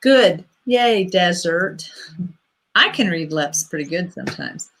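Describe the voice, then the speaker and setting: A woman's voice: fairly low pitch, expressive, slow pace, a bit bright, a little hiss or hum. A woman co-hosting a casual livestream on a video call. She chats, laughs often and sorts out tech trouble. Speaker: livestream co-host. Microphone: computer mic on a video call.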